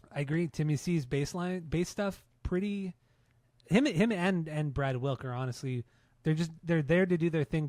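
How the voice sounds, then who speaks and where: Earnest man with a fairly high voice. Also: a little mellow, no echo. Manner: earnest, opinionated, profane. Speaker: podcast co-host. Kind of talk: casual podcast chat.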